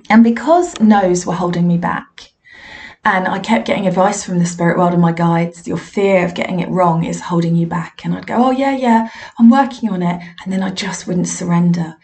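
A woman's voice: fairly low pitch, creaky, a little mellow. A woman, a spiritualist medium and teacher, telling personal stories in a frank, reflective and self-deprecating way. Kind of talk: candid personal storytelling monologue.

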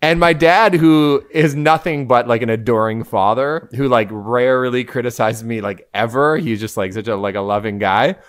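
Male podcast host, mid-pitched, animated storyteller, casual chat. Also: moderate pace, few pauses, clean tone. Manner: animated storyteller, often laughing.

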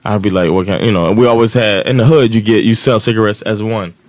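A Miami man in his forties, co-hosting a podcast, tells a story loosely and profanely, laughing often. His voice sits lowish and he talks fast, with no echo on the recording.

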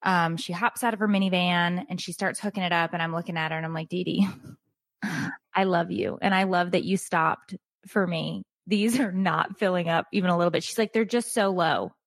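Animated woman telling a story, low voice. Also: a little fast, dry recording. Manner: animated storyteller acting out quotes. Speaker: podcast co-host. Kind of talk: casual storytelling chat.

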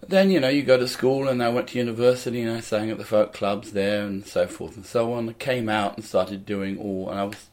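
A man's voice: on the low side, steady tone, fairly quick, few pauses, a little mellow. Older man telling rambling stories. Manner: rambling, anecdotal storytelling. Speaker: guest comedian and musician. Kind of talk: casual interview chat.

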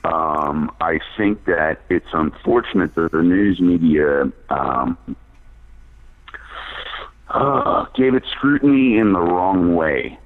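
Deep-ish blunt guy rambling and cussing over a muffled lo-fi call line. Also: expressive, takes it slowly. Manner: rambling, blunt, swears freely.

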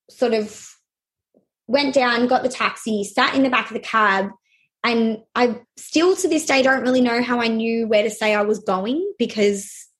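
A young adult woman telling a personal story in an interview, hesitant and halting with many fillers. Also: fairly high pitch, fairly bright tone.

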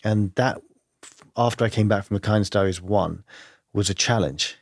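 A man's voice: fairly low pitch, moderate pace, gravelly, dry recording, studio quality. A man as an interview guest, speaking candidly and reflectively about hard times, with frequent laughs. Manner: reflective, earnest, laughs often.

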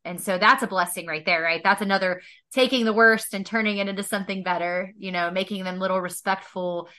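A woman with a bright, sharp-edged voice speaks as a guest on an interview podcast. She tells her personal stories with heartfelt, animated warmth, laughing often between thoughts. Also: medium pitch, brisk.

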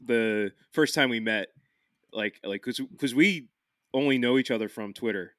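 A man from the Philadelphia area telling stories on a podcast, animated, laughing often and restarting his sentences. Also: mid-range voice, normal speed, no echo, clean studio sound. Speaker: podcast host. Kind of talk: casual podcast chat.

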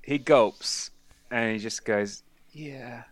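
A man's voice: lowish voice, unhurried. A man narrating a tabletop role-playing game as game master, telling the scene with laughs. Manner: laughing, animated storytelling.

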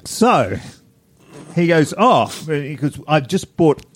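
A man's voice: fairly high pitch, lively intonation, moderate pace, darkish tone. A man, co-hosting a podcast in casual chat, rambling and laughing at himself. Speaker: podcast co-host.

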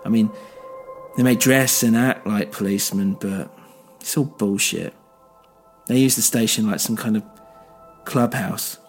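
A man's voice: lowish voice, measured pace, pauses often, soft background music. A man playing a bitter, world-weary old man posing as a police officer, who talks scornfully.

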